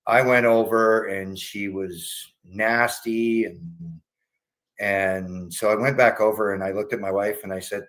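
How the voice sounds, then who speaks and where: A man's voice: lowish voice, measured pace. A man casually telling a personal story, swearing freely and acting out the voices of the people in it. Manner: animated, acts out voices in his story, frequent restarts.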